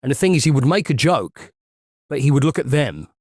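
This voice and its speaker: A man with a mid-range voice co-hosts a podcast in a dry, close recording. He chats casually and jokes around, laughing as he tells animated stories. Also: medium pitch, brisk, dry recording. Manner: jokey, laughs often, animated retelling. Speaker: podcast co-host. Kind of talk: casual chat.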